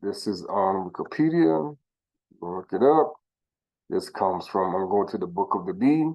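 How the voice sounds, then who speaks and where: A man giving informal religious teaching who sounds out names slowly, corrects himself, and asks rhetorical questions. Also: deep voice, expressive, darkish tone, poor audio. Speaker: teacher of scripture.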